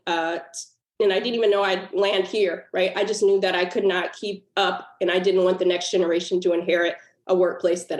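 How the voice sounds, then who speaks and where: Earnest woman storyteller in a roomy echo. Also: lowish voice. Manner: earnest and emotional, with laughs breaking into the telling. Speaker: guest author. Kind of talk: personal storytelling in a podcast interview.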